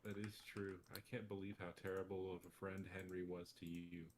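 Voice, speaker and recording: A man's voice: low-pitched, little pitch movement, a little fast, noisy background. A man in casual chat, laid-back and offhand as he talks about his car.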